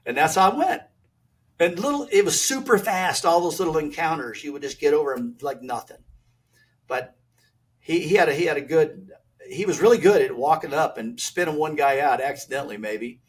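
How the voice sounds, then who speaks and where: Older man, husky voice, blunt and folksy, animated storyteller, retired driver. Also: on the high side, brisk. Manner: acts out quoted exchanges, blunt and folksy. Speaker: retired race car driver, podcast guest.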